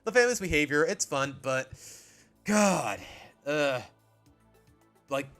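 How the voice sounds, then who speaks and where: Lively man streaming. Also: a little high, slow, faint music behind. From Mexico. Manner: rambling, self-interrupting, opinionated. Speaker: streamer ranking cartoon episodes. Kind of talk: casual live-stream commentary.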